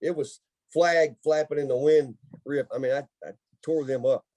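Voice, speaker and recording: A man from the United States with a somewhat high, mellow voice, telling family stories on a podcast. He keeps laughing his way through the tale. The sound is dry and close. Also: normal speed, dry recording. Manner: laughing, animated storyteller. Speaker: podcast co-host. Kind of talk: casual storytelling chat.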